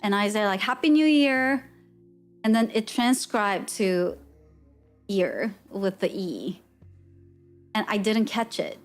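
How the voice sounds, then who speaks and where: A woman's voice: medium pitch, takes it slowly, long pauses. A woman streamer chatting casually with her live chat, rambling and correcting herself as she goes. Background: faint music.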